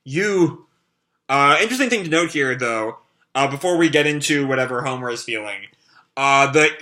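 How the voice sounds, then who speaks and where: A man's voice: mid-range voice, expressive, fairly quick, sharp tone. A man casually reading and commenting on a comic, chatty and loose, with many fillers. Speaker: reaction video host.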